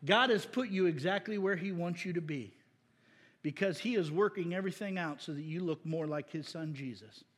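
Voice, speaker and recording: A middle-aged male pastor preaching a sermon, energetic and playful, acting out voices and asking for amens. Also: high voice, moderate pace, breathy edge, big-room sound. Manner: energetic and playful, acts out voices, asks the crowd "Amen?".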